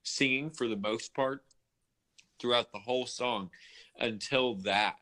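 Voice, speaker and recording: Male podcast co-host, bright forceful tone, rambling and loose. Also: medium pitch, a little slow. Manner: rambling, many fillers like "you know". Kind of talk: casual music discussion.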